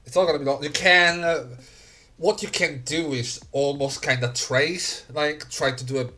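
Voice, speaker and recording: A man narrating a tabletop role-playing game as game master, unhurried and full of fillers. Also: fairly high pitch, fairly even intonation, bright, forceful tone, soft background music.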